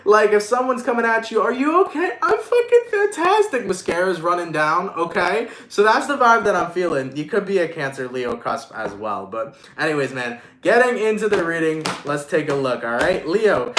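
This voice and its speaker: A man's voice: on the high side, a bit bright, roomy sound, slight background noise. A man giving a casual live-streamed tarot reading, emphatic and profane, speaking with love to viewers. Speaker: tarot reader.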